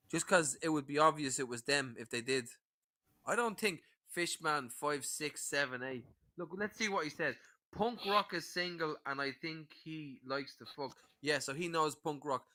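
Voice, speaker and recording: A man's voice: fairly high pitch, bright, forceful tone. Combative man, sweary and mocking. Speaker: guest on a livestream panel. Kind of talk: casual livestream chat.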